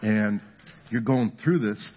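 Husky-voiced pastor telling a humorous story. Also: male voice, fairly low pitch, slow, lo-fi sound. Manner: storytelling with humor, builds to animated emphasis. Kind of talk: conversational sermon.

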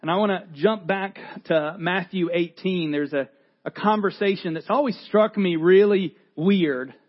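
A man's voice: sits high, measured pace, dull audio. A man in his forties who is a pastor, preaching a sermon in an earnest, conversational way and often restarting his phrases.

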